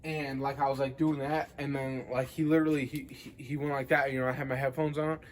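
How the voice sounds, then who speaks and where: A man's voice: mid-range voice, little pitch movement, fairly quick, slight background noise. A young man rambling casually to the camera in a vlog, full of filler words and swearing. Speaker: vlogger.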